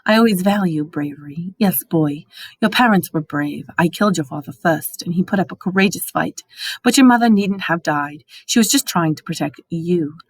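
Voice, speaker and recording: A woman voicing a cold, cruel male dark wizard with a snarling, hissing menace, in a dry storybook reading. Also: on the low side, normal speed, slightly rough, no echo. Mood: menacing.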